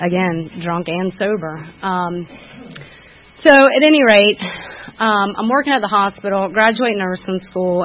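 List: woman, recovery talk, frank and self-critical, halting with fillers, mid-pitched voice, dull lo-fi sound. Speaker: speaker sharing at a recovery meeting. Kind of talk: candid personal recovery testimony. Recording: dull lo-fi recording.

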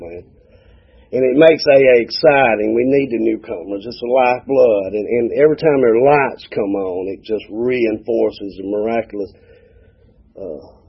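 A gravelly, husky-voiced man in his forties with a drawl, telling his recovery story in a folksy, joking way and acting out every bit of dialogue. The sound is dull and lo-fi, like an old tape of a meeting. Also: fairly low pitch. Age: 40s. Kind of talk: personal testimony with humor. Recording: dull lo-fi recording.

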